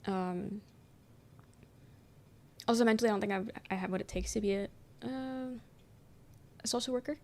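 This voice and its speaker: A woman's voice: mid-range voice, moderate pace, long pauses, darkish tone. A young adult woman streaming and chatting casually with her viewers, reading their messages aloud and rambling with lots of "um" and "like" and casual swearing. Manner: rambling, filler-heavy, swears casually, frequent "um".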